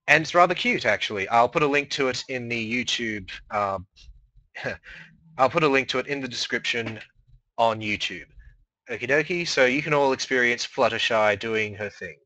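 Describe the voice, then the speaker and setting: A man's voice: medium pitch, normal speed, bright, forceful tone, no room sound. A man hosting a comedy radio show, rambling playfully through the sign-off.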